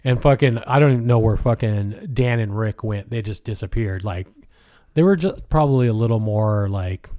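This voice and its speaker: A man's voice: lowish voice, moderate pace, warm tone. A young adult man with a Pacific Northwest American accent, co-hosting a podcast and telling a story in a rambling way, swearing a lot and whispering the lines he quotes. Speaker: podcast co-host. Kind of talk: casual storytelling chat.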